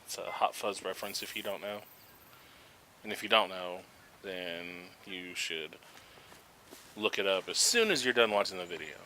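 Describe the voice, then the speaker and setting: A man with a fairly low voice gives relaxed, chatty commentary over a video game. His tone is bright and forceful, with faint background noise behind him. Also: normal speed, long pauses, poor audio. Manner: relaxed, chatty, explains game mechanics as he plays. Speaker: gaming video host. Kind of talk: casual gameplay commentary.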